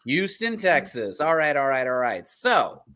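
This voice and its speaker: A host running a virtual poetry slam over a video call, energetic and hyping up the audience. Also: medium pitch, a little slow. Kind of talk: live-stream hosting.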